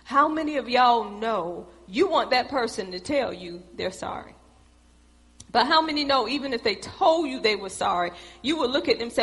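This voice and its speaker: A woman's voice: sits high, lively intonation, normal speed, a bit bright. Emphatic woman preacher in an echoey church. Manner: conversational, emphatic, addresses the congregation directly. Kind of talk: sermon.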